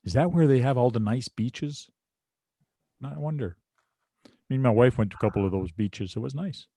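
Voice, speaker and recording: Mellow-voiced French-Canadian man chatting. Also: mid-range voice, normal speed, dry recording. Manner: rambling, chatty storyteller with restarts. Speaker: host. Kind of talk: casual chat.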